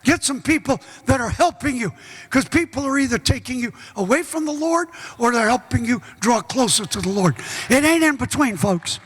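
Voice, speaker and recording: A middle-aged man preaching a sermon as pastor, folksy and joking, bursting into shouts. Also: extremely high pitch, animated, normal speed, breathy edge. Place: large church hall. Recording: echoey church hall.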